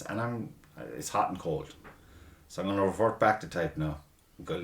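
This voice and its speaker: A man's voice: lowish voice, very animated, normal speed, a bit bright. A man chatting casually as a podcast host, profane and self-mocking. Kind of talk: casual chat. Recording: roomy echo.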